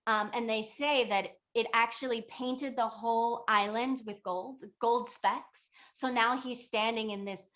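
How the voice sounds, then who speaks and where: A woman's voice: a little high, unhurried, hardly any pauses. Chatty woman retelling an old story. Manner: chatty, lots of "like" and fillers, lively retelling. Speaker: yoga and meditation teacher. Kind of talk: casual spoken storytelling.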